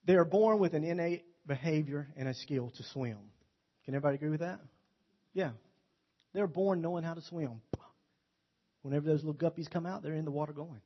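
A man's voice: fairly high pitch, fairly quick. A man preaching a sermon in a folksy, joking, storytelling way. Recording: dull lo-fi recording.

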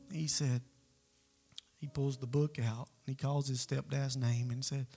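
A man's voice: mid-range voice, fairly even intonation, normal speed, creaky, darkish tone, husky, soft background music. A man preaching in an earnest, conversational way, telling a story as part of a sermon.

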